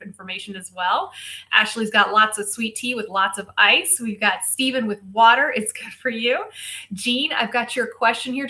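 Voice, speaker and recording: A woman's voice: a little high, pushed and bright. A woman physical therapist hosting a casual live show, chatty and greeting viewers by name. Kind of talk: casual live-stream chat. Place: home, Tampa.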